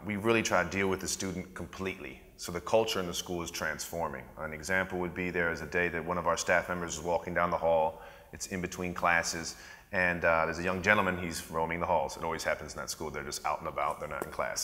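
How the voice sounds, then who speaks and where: A man giving a conference talk, acting out the people in his stories as he tells them. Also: low-pitched. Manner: animated storyteller acting out quotes. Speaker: conference presenter. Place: conference hall. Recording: echoey hall.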